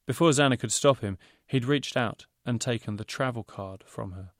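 A man, an author reading his own children's novel aloud in steady storytelling narration. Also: medium pitch, moderate pace, no room sound, studio quality.

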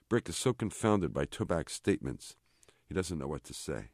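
A man, the author, reading a chapter of his novel aloud in a measured, even way. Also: rumbling low, breathy edge, no echo, studio quality. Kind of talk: literary reading.

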